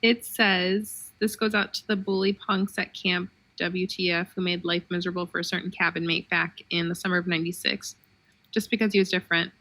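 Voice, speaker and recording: Chill woman cohost, bit lower voice, recapping tv stuff. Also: little pitch movement, brisk, pushed and bright, low-quality recording. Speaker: podcast co-host. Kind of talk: casual pop culture chat.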